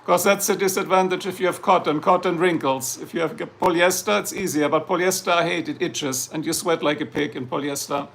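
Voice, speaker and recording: On a casual livestream, a German-accented man from Germany rambles and jokes while answering viewer comments. He talks a little fast with few pauses, and his slightly high voice has a steady tone, vocal fry, and a bit of brightness.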